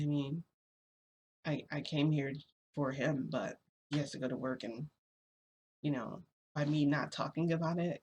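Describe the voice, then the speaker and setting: Young woman telling a story with a gravelly edge. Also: low-pitched, a little hiss or hum. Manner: rambling, many fillers. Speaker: vlogger. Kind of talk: casual storytelling.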